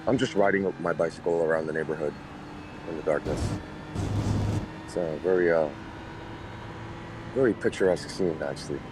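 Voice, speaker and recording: A man's voice: low-pitched, normal speed, long pauses, background noise. A man, streaming a racing game and chatting in a rambling, joking way. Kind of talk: casual stream banter.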